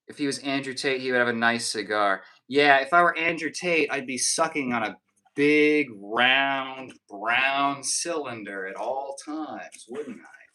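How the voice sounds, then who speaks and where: A man's voice: mid-range voice, unhurried, sharp tone, low-quality recording. A young man live-streaming, casually joking and teasing as he reads and answers his chat.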